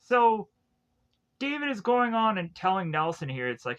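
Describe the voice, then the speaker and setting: Young male reviewer, a little high, loose and jokey, chatty scene-by-scene recap. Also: sing-song, moderate pace, a bit bright. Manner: rambling, jokey, laughs at his own jokes. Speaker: movie reviewer. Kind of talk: casual comedic recap with goofy quoted asides.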